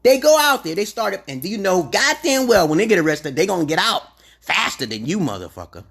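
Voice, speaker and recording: Husky profane man ranting loud then low. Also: very animated, brisk. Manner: profane, confrontational, swinging between loud outbursts and low mutters. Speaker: livestream host. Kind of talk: ranting livestream monologue.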